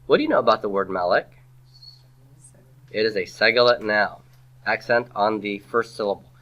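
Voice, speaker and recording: A man's voice: on the low side, animated, moderate pace, fairly bright tone. A man teaching a classroom grammar lecture, quizzing his students with rhetorical questions and dropping playful asides.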